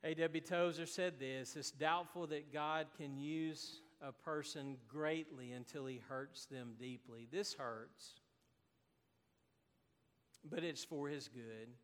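High-voiced male pastor preaching. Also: slow, a bit bright, clear, resonant tone, in a large hall. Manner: earnest preaching, rising to emphatic declarations. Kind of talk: sermon.

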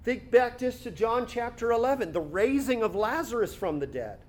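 High-voiced man preaching a sermon. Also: very animated. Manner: reads scripture aloud, then explains it conversationally; slows down and stretches words for emphasis. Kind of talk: expository sermon.

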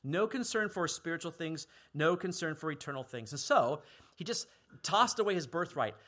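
Earnest preacher man, slightly high voice. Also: animated, moderate pace. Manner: earnest, drops to a hushed, grave tone for emphasis. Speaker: pastor. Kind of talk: sermon.

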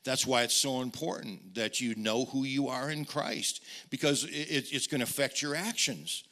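A middle-aged male pastor delivers a storytelling sermon and speaks straight to his congregation. His voice is bright and forceful at an average pitch, and he often repeats words as he goes. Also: normal speed, hardly any pauses.

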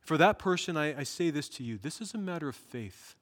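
A man's voice: a little high, expressive, brisk, a bit bright, big-room sound. A male pastor preaching a sermon in an earnest manner, rising to emphatic bursts.

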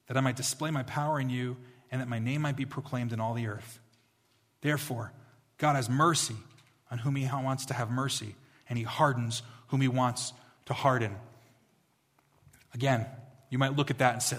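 A male pastor preaching a sermon that moves from quiet to emphatic, repeating key lines. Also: mid-range voice, breathy edge. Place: church. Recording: echoey church hall.

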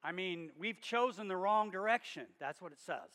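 A man's voice: sits high, animated, normal speed, a bit bright. A man preaching a sermon to his church, talking directly to the congregation and pressing his points with emphatic bursts. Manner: emphatic, rising to bursts of volume. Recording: long reverb of a hall.

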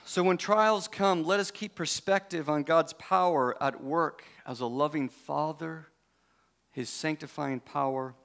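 Bright-voiced pastor, chatty sermon. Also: male voice, fairly high pitch, unhurried, gravelly. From United States. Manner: conversational, joking asides, frequent self-corrections.

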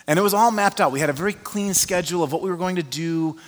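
A male pastor preaching a sermon as an animated storyteller who uses many fillers. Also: high-pitched, fast. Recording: long reverb of a large hall.

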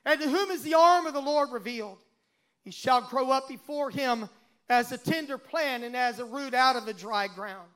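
A male pastor with a strikingly high voice delivers a dramatic sermon and reads scripture aloud. He swells into loud, emphatic peaks and then drops to a near hush. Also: normal speed.

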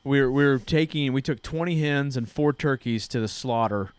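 A church podcast host in his thirties tells a story earnestly in casual chat, frequently starting over. He talks at normal speed in a clear, resonant mid-range voice, with no room sound.

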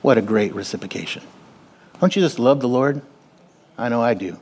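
A man preaching a sermon in a church, animated, swinging between quiet and loud and calling on the congregation. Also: medium pitch, moderate pace. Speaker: pastor. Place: church sanctuary.

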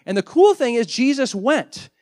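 Male pastor, fairly high voice, casual storytelling sermon with loud and hushed swings. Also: big pitch swings, moderate pace. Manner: casual, says "like" often.

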